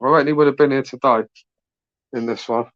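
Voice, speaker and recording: A man's voice: mid-range voice, fairly even intonation, quick pace, a bit bright, no echo, lo-fi sound. Rambling British man on a live stream. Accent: British English. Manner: rambling, slangy, swears freely, asks tag questions. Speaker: YouTube channel host. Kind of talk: late-night live stream chat.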